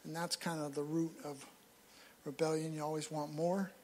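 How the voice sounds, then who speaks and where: A man's voice: on the high side, little pitch movement, moderate pace, darkish tone, a little hiss or hum. A man preaching a live sermon in church, telling stories and acting out what people say. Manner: storytelling, acts out quoted voices. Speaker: pastor.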